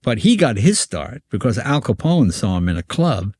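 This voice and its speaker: An older man, a comedian guest on a podcast, telling show business stories and acting out voices, with quick stammering restarts. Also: mid-range voice, big pitch swings, darkish tone, slightly rough, no room sound. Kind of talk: anecdotal storytelling on a podcast.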